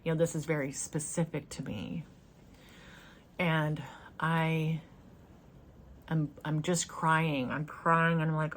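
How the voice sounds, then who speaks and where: A woman's voice: deep voice, flat delivery, moderate pace, fairly bright tone. A woman hosting her own spiritual channel, telling a personal story in an earnest, hesitant way with many fillers and restarts, speaking from her couch in a yurt.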